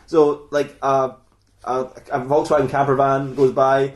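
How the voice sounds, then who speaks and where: A man's voice: mid-range voice, fairly even intonation, unhurried, a little mellow. A man improvising a comic story, rambling and correcting himself as he goes, in an echoey room. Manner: rambling, self-correcting, laughing at own jokes. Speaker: podcast host.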